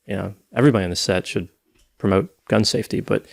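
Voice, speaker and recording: Low-voiced man thinking aloud. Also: fast talker, vocal fry. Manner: thinking aloud, hedging with "I think" and "you know". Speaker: podcast co-host. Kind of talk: casual discussion.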